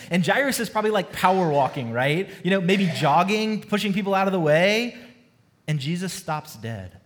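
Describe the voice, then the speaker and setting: A man preaching a sermon as pastor, earnest and storytelling, moving between hushed and emphatic delivery. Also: high voice.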